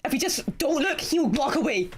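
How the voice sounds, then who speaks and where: A woman streaming and chatting with co-streamers, talking loud, giggly and teasing. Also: sits high, very animated, normal speed, slight background noise. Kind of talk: casual stream chat with co-streamers.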